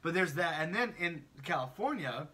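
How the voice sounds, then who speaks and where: A man's voice: fairly high pitch, moderate pace, recorded from a distance. A man from the Midwest near the Kentucky border with a faint Southern Kentucky accent, chatting casually on a podcast and mimicking voices as he tells stories. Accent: slight Southern Kentucky. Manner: animated storyteller, mimics voices, swears casually. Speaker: podcast host. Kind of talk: casual chat.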